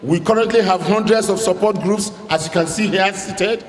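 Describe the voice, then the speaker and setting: A man's voice: high-pitched, normal speed. A man giving a rousing, emphatic rally speech as a campaign director general, calling out to the crowd. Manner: rousing, emphatic oratory with crowd call-outs. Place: large hall at a rally. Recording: echoey hall recording with faint ambience.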